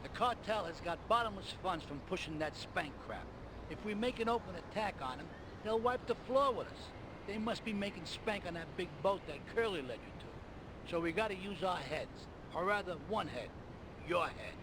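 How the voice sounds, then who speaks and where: An actor voicing an older male mafia boss in a video game cutscene, giving gruff, persuasive orders. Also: lively intonation, normal speed. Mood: scheming. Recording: game audio with rumbling city noise.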